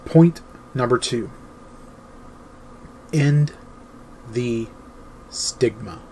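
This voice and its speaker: A man speaking slowly and deliberately at a middle pitch, delivering an earnest, emphatic advice monologue as host. Faint insect buzz sits in the background. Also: fairly even intonation, darkish tone, a little hiss or hum, poor audio.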